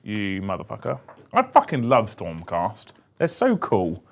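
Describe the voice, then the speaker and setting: Animated, jokey gamer. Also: male voice, on the low side, a little slow. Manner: animated, jokey, swears often. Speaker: wargame player. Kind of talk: casual banter at a tabletop wargame.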